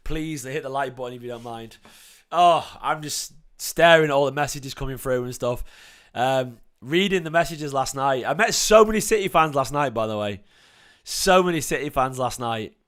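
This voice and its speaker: Young male streamer, mid-pitch, excitable and emotional, lots of fillers, slight cough. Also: moderate pace. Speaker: fan channel host reading live chat. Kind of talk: casual livestream chat.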